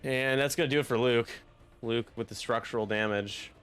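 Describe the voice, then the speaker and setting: A man's voice: medium pitch, normal speed, fairly bright tone, clear, resonant tone, faint music behind. A man commentating a tabletop game on a live stream, joking and self-deprecating as he goes. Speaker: league commentator.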